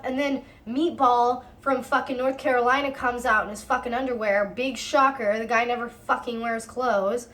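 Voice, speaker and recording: A woman's voice: on the high side, unhurried, fairly bright tone. Heated, swearing young woman telling a story. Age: 20s. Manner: acts out her own side of arguments. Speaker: storytime vlogger. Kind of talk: casual storytime narration.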